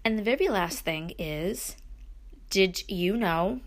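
A woman giving a personal, reflective monologue, halting and trailing off at the ends of phrases. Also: mid-range voice, animated.

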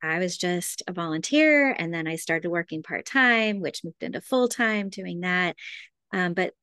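Middle-aged woman, conversational storyteller, slightly low voice, dry close sound, animated when quoting people. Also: measured pace, clean tone, dry recording. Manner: animated, acts out quoted voices. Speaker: educator guest.

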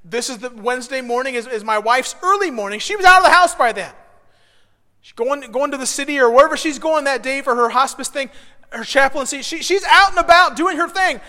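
High-voiced, animated preaching man. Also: fairly quick. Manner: animated, self-deprecating storyteller who builds to shouts. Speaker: pastor. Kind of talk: sermon with personal storytelling. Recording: long reverb of a large hall.

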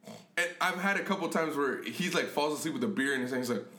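A young man spins a wild story on a casual podcast, laughing as he goes and swearing freely. His voice is bright and lively, leaping up and down in pitch. The room around him is echoey. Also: quick pace. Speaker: podcast co-host.

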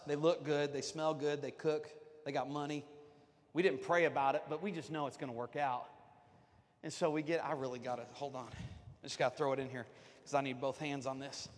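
A man preaching a sermon as pastor, talking to his congregation in a loose, conversational way and joking with them. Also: a little high. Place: church sanctuary. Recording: long reverb of a church hall.

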